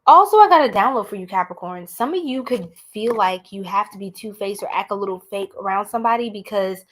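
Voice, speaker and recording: A woman's voice: mid-range voice, fairly quick. A young American woman giving a live-streamed tarot reading, talking chattily and straight to her viewers. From United States. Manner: chatty, animated, talks straight to viewers as y'all. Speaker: tarot reader.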